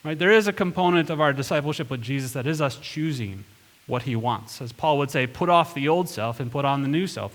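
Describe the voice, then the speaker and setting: A man's voice: on the high side, a bit bright. A man, a pastor, preaching a sermon in a church, earnest and emphatic, leaning hard into the lines he quotes. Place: church sanctuary.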